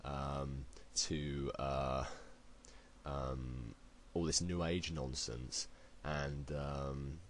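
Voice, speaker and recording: A man's voice: extremely low pitch, fairly even intonation, extremely slow, a little hiss or hum, low-quality recording. A British man delivering a heated, blunt opinion rant to camera, swearing freely. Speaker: video blogger. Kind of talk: ranting opinion commentary.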